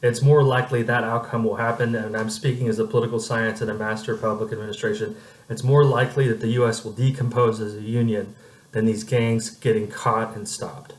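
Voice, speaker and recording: A man's voice: lowish voice, level tone, brisk. Rambling man in an echoey room. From Oregon, United States. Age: 40s. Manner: rambling, with frequent hesitant fillers. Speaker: vlogger. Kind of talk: casual monologue to camera.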